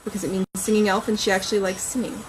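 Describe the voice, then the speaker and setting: A woman's voice: mid-range voice, level tone, racing, slight background noise, poor audio. A woman novelist chatting on a casual livestream from home, rambling and reading names aloud as she thinks.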